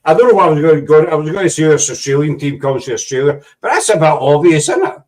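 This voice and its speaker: A man's voice: on the high side, lively intonation, quick pace, darkish tone, rough recording. A man, hosting a casual chat and rambling through stories with many asides. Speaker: podcast host.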